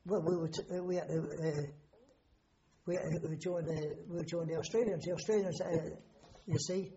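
An older man tells wartime stories in a rambling, plain-spoken way, peppered with swearing. His voice is mellow and dark. The recording is dull and lo-fi. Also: fairly high pitch, steady tone, normal speed. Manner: rambling, salty storyteller with frequent swearing. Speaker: war veteran interviewee. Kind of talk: oral history recollection.

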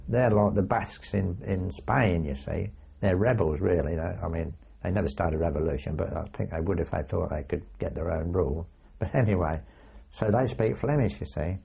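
An older man recalling his wartime days in a rambling oral history, full of asides and halting restarts. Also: deep voice, vocal fry, mellow, breathy edge. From England. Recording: dull lo-fi recording.

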